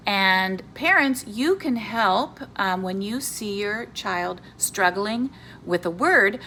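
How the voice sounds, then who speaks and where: A woman teacher giving a video reading lesson to young children and their parents, in an animated, sing-song voice with playful character voices. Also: mid-range voice, a little hiss or hum.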